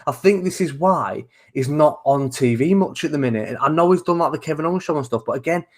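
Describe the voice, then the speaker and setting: This is a man in casual chat on a talk show. He talks in an animated, rambling way, swears freely and keeps restarting his sentences. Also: a little high, quick pace. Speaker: co-host of a wrestling talk show.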